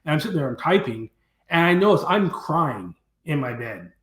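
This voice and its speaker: A man telling a story as a guest in an interview, animated and acting out what people said. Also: a little high, normal speed. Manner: animated storyteller who acts out quoted speech. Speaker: guest, dangerous game hunter. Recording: roomy echo.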